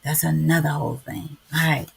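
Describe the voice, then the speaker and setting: A woman's voice: low-pitched, level tone, a little fast, gravelly, slightly rough. A middle-aged woman, hosting a casual devotional live-stream chat and preaching to listeners. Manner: chatty, preachy, keeps addressing listeners as y'all. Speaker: podcast host.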